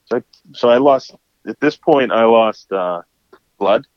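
The clip has lo-fi sound with no room sound: a man with a mid-range voice, talking a little slowly, who runs fishing charters. In casual podcast conversation he tells a story with animation, performing the quotes himself.

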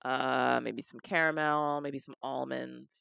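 A woman co-hosting a podcast in casual chat, relaxed, hedging her words with fillers. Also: a bass voice, a little slow, gravelly, smooth, dry recording. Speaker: podcast co-host.

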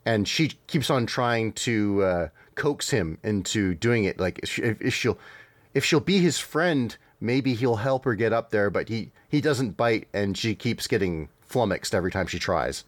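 A man's voice: lowish voice, animated, a little slow, dry recording. A man hosting a casual podcast, chatting about cartoons in a rambling way with fillers and laughs. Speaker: podcast host.

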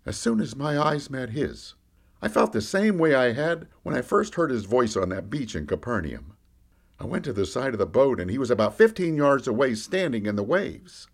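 A man's voice: mid-range voice, moderate pace, creaky. A man playing a candid fisherman disciple. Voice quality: lively storyteller, rising and falling with the action. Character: a fisherman disciple, candid, middle-aged man recalling his past. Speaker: podcast storyteller. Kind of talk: first-person character monologue.

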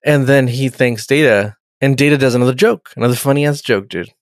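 A man's voice: medium pitch, a little fast, no echo, studio quality. A young man in casual chat, swearing freely and acting out characters' lines as he retells a show. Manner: profane, laughing, acts out characters' lines. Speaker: podcast co-host. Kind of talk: casual chat recapping a TV episode.

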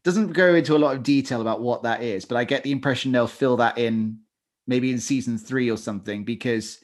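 Male podcast co-host, mid-pitched, chatty, restarts a lot. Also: fairly quick. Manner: chatty, hedging with fillers and self-corrections. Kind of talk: casual chat.

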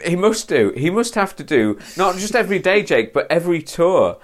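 A man's voice: high-pitched, very animated, moderate pace. A man co-hosting a podcast, chatting casually about films. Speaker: podcast co-host. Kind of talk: casual film discussion.

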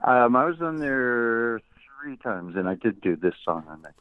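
A man's voice: mid-range voice, sing-song, moderate pace, dry recording. An older man, a musician and guest, telling wry anecdotes in an interview. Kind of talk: interview storytelling. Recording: tinny dry phone-like line.

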